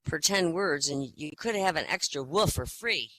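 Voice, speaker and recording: A hesitant male telegraph operator explains the charges in a helpful way, as a woman puts him on. The voice is bright and forceful, with plenty of pitch movement. It is an everyday clerk inside a told joke. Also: lively intonation, moderate pace, dry recording, rough recording.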